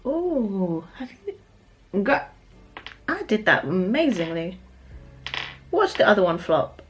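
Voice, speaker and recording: A woman's voice: medium pitch, very animated, takes it slowly, soft background music. A young woman with a British accent chatting casually while doing her makeup, laughing often. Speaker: beauty vlogger. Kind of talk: get-ready-with-me makeup chat.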